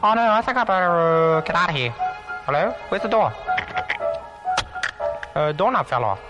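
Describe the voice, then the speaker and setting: A performer playing a bumbling, flirty character in a radio serial parody. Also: female voice, lowish voice, expressive, normal speed, muffled recording, natural voice. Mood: flustered. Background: music.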